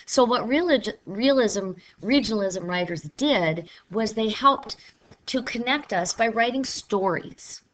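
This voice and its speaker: A woman's voice: medium pitch, slight background noise. A woman from Missouri giving a conversational literature lecture, now and then playfully mimicking regional speech. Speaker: literature teacher. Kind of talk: recorded classroom lecture.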